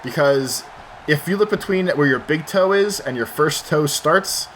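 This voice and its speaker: A man's voice: fairly high pitch, measured pace, a bit bright. A young man, a let's play commentator, casually telling a rambling, self-deprecating story over gameplay.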